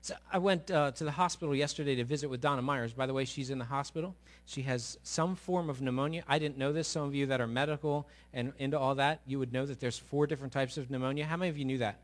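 A man preaching a sermon as pastor to his congregation. He swings from loud to hushed and keeps asking the listeners questions. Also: mid-range voice, fairly even intonation, fast talker, hardly any pauses. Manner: asks the congregation rhetorical questions. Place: church sanctuary before a congregation.

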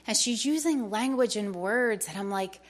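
A middle-aged woman gives a personal faith testimony to a church crowd. She tells it eagerly, like a story, and acts out the conversations she describes. Her voice sits at an ordinary middle pitch. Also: moderate pace. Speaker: church member sharing testimony.

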